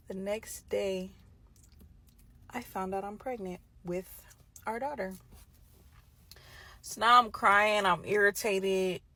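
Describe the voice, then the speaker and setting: A woman's voice: mid-range voice, a bit bright, no room sound, low-quality recording. Blunt, profane young woman. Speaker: storyteller. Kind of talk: casual storytime chat.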